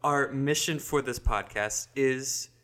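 A woman's voice: a bass voice, takes it slowly, fairly bright tone. A young woman co-hosting a podcast, talking casually and steering the talk back on topic. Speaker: podcast co-host. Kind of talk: casual chat.

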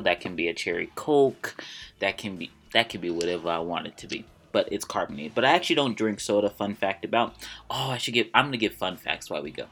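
A young man hosts a casual solo vlog, chatting and rambling and laughing at himself along the way. His voice is low with a slightly bright quality.

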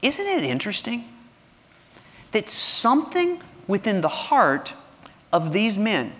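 A man preaching a sermon as pastor, with a dry, sarcastic humor, swinging between hushed moments and loud, passionate delivery. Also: sits high, huge pitch swings, slow. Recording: long reverb of a large hall.

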